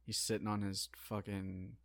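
A man's voice: on the low side, level tone, moderate pace, vocal fry, dry recording, studio quality. A man with a West Coast American accent co-hosting a podcast in casual chat, eager and profane, often saying "like". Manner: enthusiastic, profane, says like a lot. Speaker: podcast co-host.

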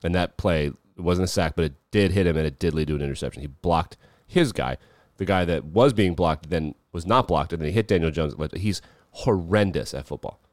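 Low-voiced man mocking in sports talk. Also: animated, fairly quick, darkish tone, dry recording, studio quality. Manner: blunt and mocking. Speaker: podcast host. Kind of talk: casual sports commentary.

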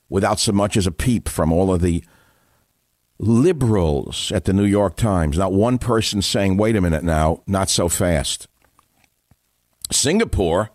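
Older guy on talk radio ranting, lowish voice, dead dry studio sound, keeps repeating words for punch. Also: no echo. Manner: emphatic, repeats key words, drawn-out stresses. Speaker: radio talk show host. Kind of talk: political talk radio monologue.

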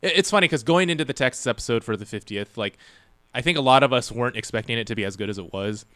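A man's voice: mid-range voice, fast talker, a bit bright, no echo. A young man co-hosting a casual podcast, easygoing and chuckling often. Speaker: podcast co-host.

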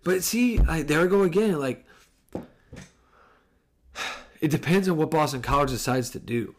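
A man's voice: on the high side, animated, moderate pace. Rambling, chuckling male podcast host. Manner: rambling, laughs easily, breaks off mid-sentence. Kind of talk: casual podcast Q&A.

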